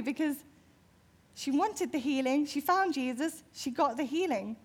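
A woman's voice: high-pitched, lively intonation, measured pace, pauses often. A woman giving a sermon, retelling a Bible story vividly and imaginatively. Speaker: preacher.

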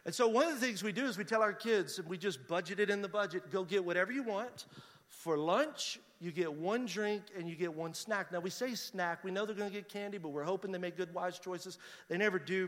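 A middle-aged man, a pastor telling a story in a sermon and building to loud preaching. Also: high-pitched. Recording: reverberant hall.

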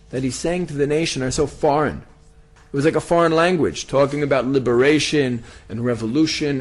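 A man teaching history with dramatic emphasis, building to emphatic peaks. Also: medium pitch. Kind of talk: impassioned history lesson.

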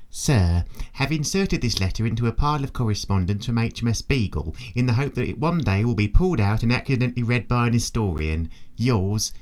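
A man plays a mischievous archivist in a comic audio play. He reads in a formal letter-writing tone and slips in a schoolboy punchline. The voice sits a little low. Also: a little mellow, natural voice. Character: cheeky male archivist writing a prank letter.

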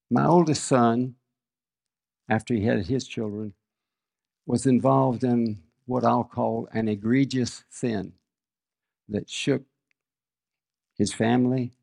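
An older man preaching a sermon, reading scripture and telling personal stories in a slow, measured way. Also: mid-range voice, vocal fry, a little mellow, no room sound, studio quality.

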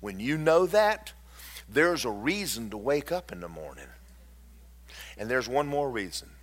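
A man preaching a sermon, swinging from loud declarations to hushed, tender storytelling. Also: mid-range voice, very animated, unhurried.

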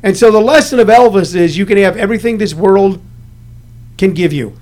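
A man's voice: high-pitched, a little fast, a little mellow. A man hosting a casual podcast interview, rambling with many restarts and jokey anecdotes. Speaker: podcast host.

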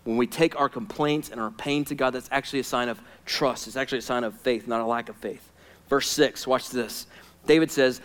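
A man preaching a sermon, swinging from hushed, intimate lines to loud, urgent ones. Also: mid-range voice, steady tone, brisk, clear, resonant tone. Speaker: pastor.

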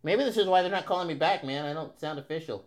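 A man co-hosting as the show's producer in casual chat, dropping wisecracks and deadpan one-liners. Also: on the high side, fast talker. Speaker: producer and co-host.

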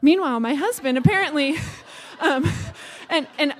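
A woman in her thirties telling a personal story on stage in a chatty, animated way, acting out the dialogue. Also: high voice, normal speed.

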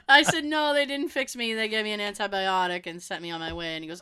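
Lively woman podcaster telling a story, bright smooth voice, dry close sound. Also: quick pace, hardly any pauses, no echo. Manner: animated, acts out quoted voices with big jumps in pitch and volume. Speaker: podcast co-host. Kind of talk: casual chat and storytelling.

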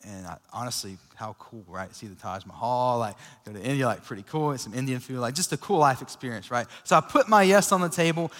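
A young pastor with a medium-pitched voice preaches a sermon, telling a personal story in a casual, energetic way packed with fillers. The long reverb of a church hall surrounds his voice.

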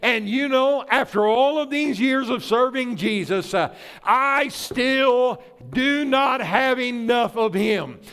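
Older male pastor, high voice, slow deliberate delivery, fervent sermon style. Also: clear, resonant tone. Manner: fervent, excitable, builds to shouts.

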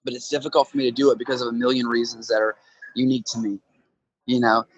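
A man's voice: mid-range voice, fairly even intonation, fast, breathy edge, lo-fi sound. A man in a casual conversation who talks into a handheld phone, explaining earnestly through analogies and often checking in with "right?".

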